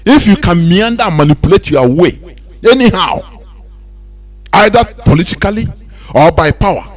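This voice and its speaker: A Nigerian man giving animated radio commentary, laughing often and slipping into Pidgin. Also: high-pitched, moderate pace. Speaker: radio presenter.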